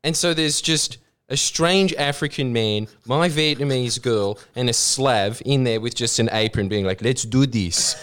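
A man's voice: mid-range voice, measured pace, few pauses, clean tone. A man in casual conversation, telling a funny story and acting out the voices of the people in it. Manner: animated storyteller, acts out voices. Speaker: co-host. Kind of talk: casual chat.

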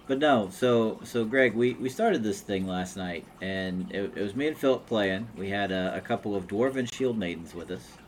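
A man's voice: lowish voice, normal speed, few pauses. Guy chatting blunt and chummy, bit of faint room hum behind. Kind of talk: casual chat.

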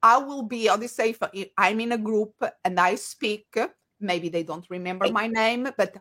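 A woman, an English speaker, talking as an interview guest and often pausing to search for words. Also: medium pitch, fairly bright tone. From Portugal. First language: Portuguese. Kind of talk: conversational interview.

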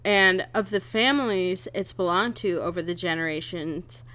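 A woman's voice: on the low side, moderate pace, pushed and bright. A young woman co-hosting a casual podcast, reacting with wry jokes and reading out notes. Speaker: podcast co-host. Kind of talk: casual chat.

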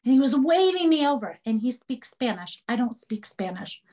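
A woman's voice: a little high, big pitch swings, moderate pace, dark tone. Earnest woman teaching a Bible study. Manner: earnest, preaching with rhetorical questions. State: tearful while telling a story.

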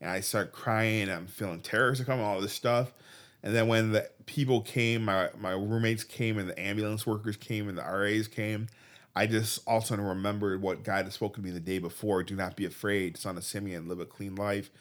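A man earnestly telling a personal faith story, often halting and restarting his sentences. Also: lowish voice, fairly even intonation, fairly bright tone. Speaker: guest telling his testimony.

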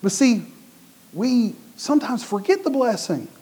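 A man's voice: very high-pitched, a little slow, husky. A middle-aged man from the United States preaching a sermon in a conversational way, acting out the voices of the people in his stories. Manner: animated, acts out quoted voices. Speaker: pastor.

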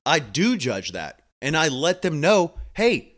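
A man's voice: fairly high pitch, sing-song, unhurried. A man telling a story about his patients in a blunt, emphatic, casual monologue. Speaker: home health clinician.

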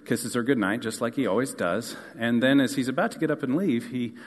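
A male pastor delivering a sermon in an easy, conversational storytelling manner, pausing with frequent fillers. His mid-range voice rings with a long reverb in a church sanctuary. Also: mid-range voice.

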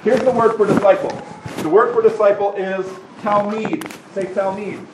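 A man with a high voice leads a Bible class for a live group, animated and conversational, briefly imitating other people's voices to explain his points. His echoey room carries steady background noise.

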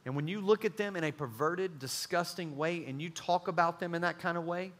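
A young man preaching a youth sermon, joking and acting out quick bits of dialogue. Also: a little high, a bit bright. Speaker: youth pastor.

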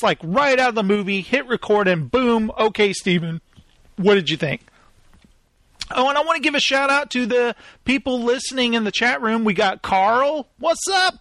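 A man's voice: high voice, sharp tone, no room sound. A man in his thirties hosting a solo podcast, goofy and self-mocking, with his voice cracking. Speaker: podcast host.

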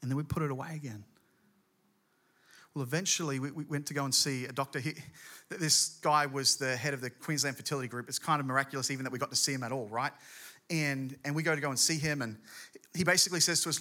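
A middle-aged man, a guest pastor, preaching and telling a personal story in animated quick bursts. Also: medium pitch.

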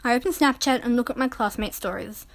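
A woman narrating a first-person story in a calm, measured reading voice. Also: fairly high pitch.

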